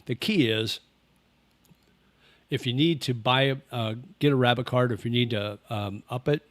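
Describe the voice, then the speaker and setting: A man's voice: medium pitch, moderate pace, dry recording. An older man hosting a casual livestream, rambling easily and answering chat questions. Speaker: livestream host. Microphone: webcam with face tracking.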